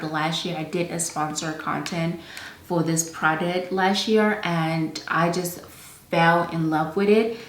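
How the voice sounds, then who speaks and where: A young woman with an African accent talks through beauty products as a casual vlog, chatty and full of "like" fillers. Her voice sits a little low for a woman. The sound is echoey, as if recorded in a bare room. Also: slight background noise. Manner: chatty, lots of "like" fillers, slow in spots. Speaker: beauty vlogger.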